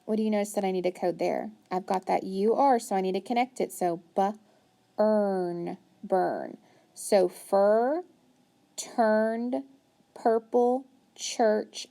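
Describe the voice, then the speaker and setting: A woman's voice: mid-range voice, vocal fry, mellow. A woman teacher leading a phonics lesson for young children, patiently sounding out words letter by letter.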